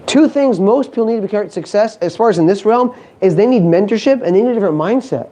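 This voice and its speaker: A man's voice: high-pitched, expressive, fast talker, mellow. A man giving a motivational stage talk. He tells stories in a chatty way, acts out other people's lines, laughs often and keeps asking "you know what I mean?". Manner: storytelling, acting out quoted voices, laughing often. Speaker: speaker at a business event.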